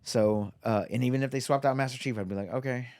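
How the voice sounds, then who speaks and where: A man in casual podcast chat, his voice smooth and clear. He rambles with lots of fillers. The sound is dry and close to the mic. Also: medium pitch, fast, a little mellow, no room sound. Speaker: podcast co-host.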